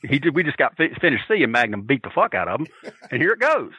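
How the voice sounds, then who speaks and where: A man telling a story on a podcast, loud and profane, acting out the shouts of the crowd with laughter. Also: medium pitch, sing-song, fast, husky, dry recording, low-quality recording. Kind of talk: animated storytelling.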